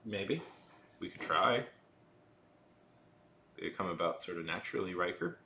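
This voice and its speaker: A man chats loosely with his stream viewers, rambling and restarting his sentences. His voice sits low but swings widely in pitch. The tone is bright and forward. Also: unhurried, creaky, slight background noise. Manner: animated, rambling with frequent restarts and fillers. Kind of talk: casual chat with live chat while drawing.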